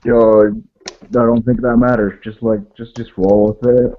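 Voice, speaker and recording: A man's voice: medium pitch, little pitch movement, a little slow, a little hiss or hum. A man co-hosting a casual podcast chat, rambling and dropping "yo" and "like" often. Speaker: podcast co-host. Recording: tinny phone-like line.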